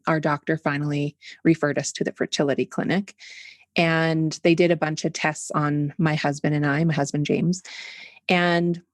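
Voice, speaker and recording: A Canadian woman in her forties speaks as an interview guest, candid and patient as she explains things. Her voice sits low with a gravelly edge. The sound is dry and close. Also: darkish tone, dry recording. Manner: open, candid, explains step by step. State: tickle in throat from smoke. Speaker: podcast guest. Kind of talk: conversational interview.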